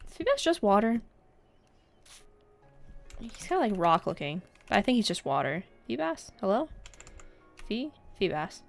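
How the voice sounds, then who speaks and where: A woman hosting a casual let's-play, rambling and swearing in frustration as she plays. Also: medium pitch. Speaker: gaming channel host.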